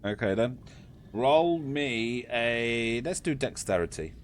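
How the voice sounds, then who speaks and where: A man's voice: medium pitch, lively intonation, slow pace, a little hiss or hum. A man narrating as game master in a casual, joking manner. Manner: casual, laughing, swearing narration.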